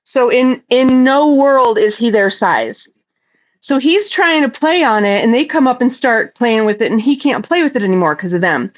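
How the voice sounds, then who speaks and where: Blunt, profane woman streamer, higher voice. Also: lively intonation, normal speed, highs cut off. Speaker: livestream host reading viewer comments. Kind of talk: casual livestream chat.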